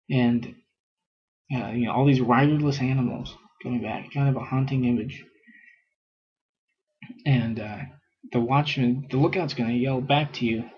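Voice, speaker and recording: A man's voice: mid-range voice, breathy edge, muffled recording. A man giving a casual scripture lesson, thinking aloud with fillers and reading passages aloud. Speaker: scripture teacher.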